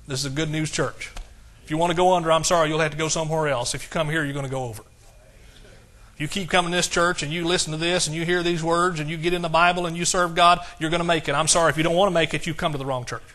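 Bright-voiced preacher man. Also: on the high side, fairly even intonation. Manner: exuberant, shouts praise, quotes scripture in slow emphatic reading. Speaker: pastor. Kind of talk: sermon.

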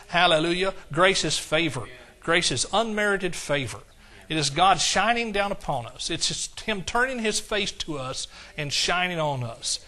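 An older man preaching with a high, bright voice. His delivery is fervent and emotional, and he keeps calling out to his congregation for responses. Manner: emotional, fervent preaching with audience call-outs. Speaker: pastor. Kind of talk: sermon.

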